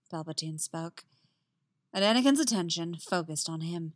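A woman reading a story aloud, slow and soft-spoken, letting her phrases fall quiet at the ends. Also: on the low side, animated, big-room sound. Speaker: fan fiction reader. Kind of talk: storytelling narration.

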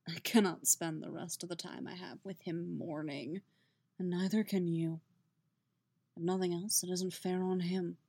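A woman voicing a weary, guarded grown man who speaks low, quiet and measured while he grieves. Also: steady tone, dry recording. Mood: quiet, grieving.

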